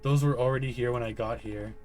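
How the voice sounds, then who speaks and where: A man voicing a timid young boy patient who talks softly and apologetically. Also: mid-range voice, steady tone, a little fast, faint music behind, lightly acted. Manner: soft, apologetic, rambling.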